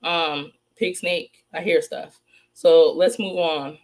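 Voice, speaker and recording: A woman's voice: lowish voice, steady tone, slow pace, darkish tone. A woman hosting a psychic true-crime vlog, talking in a heated, scolding rant and repeating lines for emphasis.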